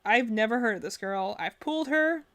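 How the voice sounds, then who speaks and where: Streaming her reactions to game trailers, this woman has a fairly high, somewhat bright voice and an animated delivery at a normal speed. She chats casually and rambles, often using fillers and correcting herself in what amounts to relaxed live-stream commentary.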